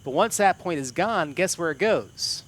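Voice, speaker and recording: A man's voice: high-pitched, animated, moderate pace, fairly bright tone, slight background noise. A man running a tabletop spy game as game master, describing the scene at length with many fillers.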